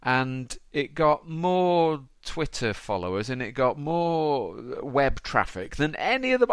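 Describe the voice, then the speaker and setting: A man's voice: a little high, very animated, slow pace, few pauses, clear, resonant tone, no echo, studio quality. A man hosting a podcast, chatty and upbeat, calling his guest mate and fella. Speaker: podcast host. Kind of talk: casual podcast interview.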